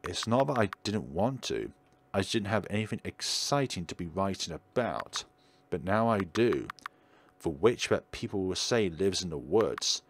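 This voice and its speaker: A man's voice: deep voice, expressive, normal speed, a little hiss or hum. Man reading as a shy young farm boy. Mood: earnest. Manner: earnest, diary-like.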